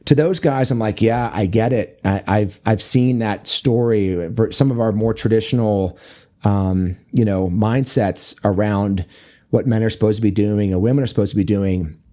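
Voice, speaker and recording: A man's voice: lowish voice, normal speed, dark tone. A man speaking as a guest on an interview podcast about fatherhood, talking casually and rambling with many fillers and restarts. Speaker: fatherhood coach and author, guest.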